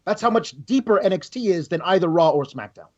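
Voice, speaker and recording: A man co-hosting a podcast, chatting in an animated way and quoting others in quick put-on voices. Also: high-pitched. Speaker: podcast co-host. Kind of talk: casual review chat. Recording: dull lo-fi audio.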